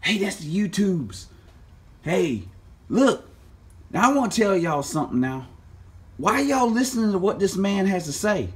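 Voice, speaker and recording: A man's voice: high voice, big pitch swings, measured pace, pauses often, voice pushed up. A man putting on a rowdy, slangy, trash-talking character who mocks the host, in a home workshop. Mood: mocking. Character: loud mouthy man mocking the host.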